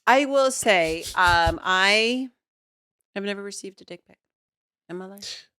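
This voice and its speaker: A woman's voice: medium pitch, lively intonation, measured pace, pushed and bright, clear, resonant tone. A woman co-hosting a podcast, bantering playfully in casual chat. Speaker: podcast co-host.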